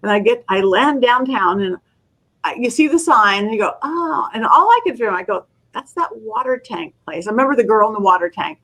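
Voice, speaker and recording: A middle-aged woman, appearing as a guest psychic medium in a casual interview, tells stories animatedly and acts out the voices of the people in them. Her voice is a little high and a little fast, and the audio is poor.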